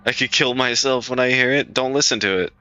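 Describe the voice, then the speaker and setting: A man's voice: mid-range voice, steady tone, brisk, pushed and bright, clear, resonant tone. A man streaming live, talking casually to his chat in a blunt, profane way, repeating himself as he reassures viewers. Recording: dull lo-fi stream audio, faint music.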